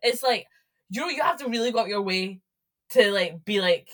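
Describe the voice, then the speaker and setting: A woman's voice: medium pitch, expressive, fairly quick, fairly bright tone. A woman in casual podcast chat, bantering bluntly and giving firm opinions. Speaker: podcast co-host or guest.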